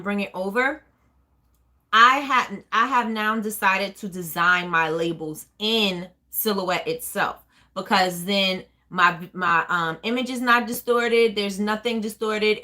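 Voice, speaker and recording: Bright fast-talking New Jersey woman. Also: mid-range voice. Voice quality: fast-talking, rambling with many ums. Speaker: small business owner hosting a live chat. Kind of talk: casual live chat answering viewers.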